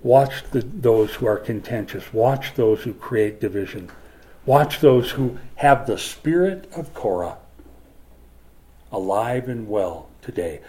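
A man from Minnesota preaching a sermon as a pastor, emphatic and swinging from forceful lines to hushed ones. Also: mid-range voice, animated, slow. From Minnesota, USA.

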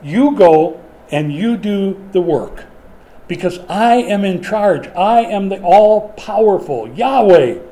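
An older man gives voice to a commanding male deity who insists on being trusted. The delivery is emphatic and raised, lifted well above his normal pitch, with a warm, mellow grain. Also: animated, normal speed. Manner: emphatic, forceful.

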